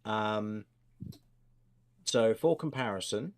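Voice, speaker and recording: A man's voice: lowish voice, slow pace. A man running a tabletop game as game master, explaining the rules in an explanatory way with hesitant fillers.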